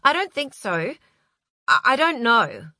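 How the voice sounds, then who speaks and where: Woman doing a shrill, panicky young assistant. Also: normal speed, no room sound, studio quality, natural voice. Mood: agitated. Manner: high, shrill and excitable.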